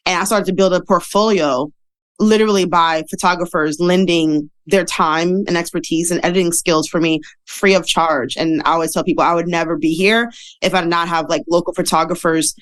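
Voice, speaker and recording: Low-voiced woman telling lively stories. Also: fairly quick. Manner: animated, acts out quoted voices with big pitch jumps. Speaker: podcast guest, model and speaker. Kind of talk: casual interview storytelling.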